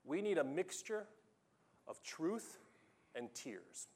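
A man preaching a sermon, telling stories with lively swings from loud urging to hushed, quiet lines. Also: a little high, takes it slowly, husky.

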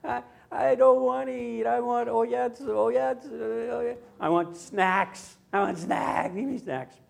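A man's voice: extremely high pitch, takes it slowly, creaky, pitched above the performer's own voice, full character voice. A man voicing his whiny toddler granddaughter as she pleads for snacks, inside a sermon story.

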